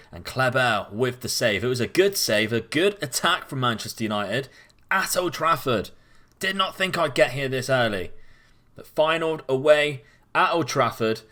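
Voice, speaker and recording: A young man, casually commenting as he plays a football management game, chatty and given to sudden loud cheering. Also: medium pitch. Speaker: gaming commentator.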